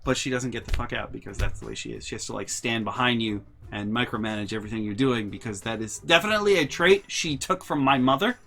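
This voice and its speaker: A young man vlogging a storytime, telling family anecdotes in an animated, sweary, casual way. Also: medium pitch, fast talker, creaky, few pauses. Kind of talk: storytime vlog.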